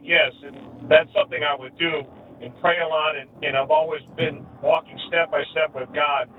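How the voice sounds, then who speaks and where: A man's voice: a little high, steady tone. Worked-up guy calling in, rambly, tinny far-off phone line with some hiss. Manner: emotional, rambling, halting. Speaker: caller. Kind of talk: emotional phone-in call.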